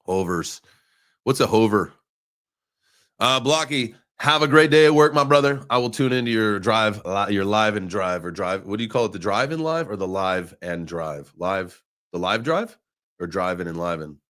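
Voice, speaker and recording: A man's voice: deep voice, normal speed, fairly bright tone. Joking, sarcastic man hosting a crypto stream. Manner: joking, sarcastic, addresses chat viewers by name; rambling with many fillers while reading charts. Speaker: crypto livestream host. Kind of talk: casual live market chat.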